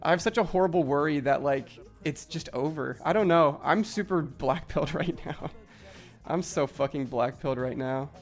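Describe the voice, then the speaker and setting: A young man with a high voice, chatting casually on a live stream. He rants with frustration, swears often and fills his talk with "like". Faint music plays under him. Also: moderate pace. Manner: frustrated ranting, heavy swearing, many "like" fillers. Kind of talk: casual live-stream chat while gaming.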